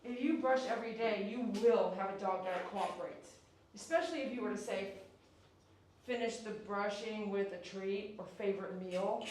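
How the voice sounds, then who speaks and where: A woman dog groomer giving a chatty, instructive grooming tutorial and sometimes cooing to the dog she works on. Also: medium pitch. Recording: echoey room, faint background noise.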